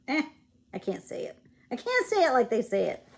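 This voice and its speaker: A woman's voice: a little high, wildly swooping pitch, unhurried, creaky, long pauses, darkish tone. A woman with a Southern US accent chatting casually as she shows stitching goodies in a vlog, rambling with fillers and self-corrections. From Virginia, US. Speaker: cross-stitch vlogger. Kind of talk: casual show-and-tell chat.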